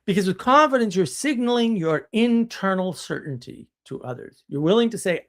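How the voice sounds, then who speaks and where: Man, host, live stream monologue, blunt, emphatic, higher voice, mimics other people. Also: animated, moderate pace, few pauses, a bit bright.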